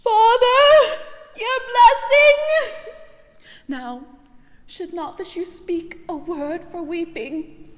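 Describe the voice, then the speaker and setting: A woman's voice: extremely high pitch, slow, a little hiss or hum. A woman playing a lamenting comic male servant. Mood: mock-grieving. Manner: mock-tragic, animated comic delivery. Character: comic young male servant lamenting over his dog. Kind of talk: amateur Shakespeare stage acting. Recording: long reverberant echo.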